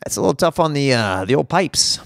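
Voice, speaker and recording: Hoarse, rambling comedy podcast host. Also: male voice, mid-range voice, sing-song, a little fast, dry recording, clean studio sound. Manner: rambling, jokey and self-deprecating. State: hoarse with laryngitis.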